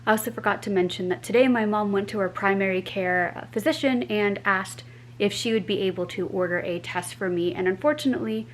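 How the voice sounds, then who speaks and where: A woman's voice: mid-range voice, a little fast, a little hiss or hum, poor audio. An American woman vlogging to camera in a casual, rambling way, full of "like" fillers. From United States.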